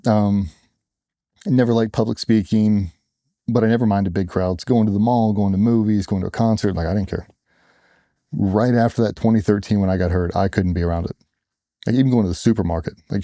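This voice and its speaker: Blunt, dark-voiced man telling his story. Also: on the low side, dry recording, studio quality. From United States. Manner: earnest, blunt, quotes others in raised voices. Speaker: interview guest, former special operations operator. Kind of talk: candid conversational storytelling.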